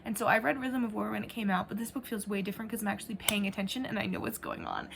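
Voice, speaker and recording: A woman's voice: mid-range voice, big pitch swings, racing, creaky, noisy background. A young woman chatting casually in a reading vlog at home, rambling with lots of likes. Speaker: book vlogger.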